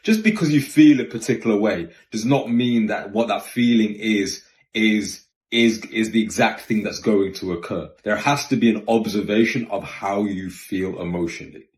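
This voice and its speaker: A man telling a story in a casual, slangy, animated way, vlog style. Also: lowish voice, normal speed. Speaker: vlogger. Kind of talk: storytime monologue. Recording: roomy echo with faint music.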